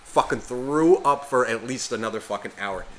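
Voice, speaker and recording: Guy on a podcast, bright voice, cursing nonstop while he tells a story. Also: mid-range voice, moderate pace, slight background noise, low-quality recording. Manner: swears constantly, animated retelling with quoted voices. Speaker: podcast co-host. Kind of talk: casual storytelling chat.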